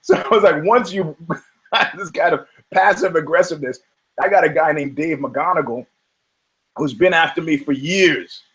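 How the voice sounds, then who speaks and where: A man's voice: a little high, normal speed, fairly bright tone, poor audio. A man hosting a podcast, chatting casually and profanely, rambling from thought to thought and laughing often as he talks. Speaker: podcast host. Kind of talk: casual podcast banter about fighting.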